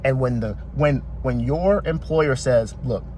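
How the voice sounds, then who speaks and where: A man in his thirties giving a blunt, profane motivational rant, talking forcefully and preachily. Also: medium pitch, measured pace, a little hiss or hum. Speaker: commentator.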